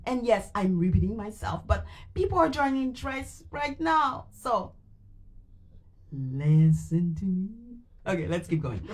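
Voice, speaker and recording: Tired woman with a French Canadian accent. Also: fairly low pitch. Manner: animated, repeats and retries hard words. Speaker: live streamer reading a book aloud. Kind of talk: casual live-stream reading. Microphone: microphone.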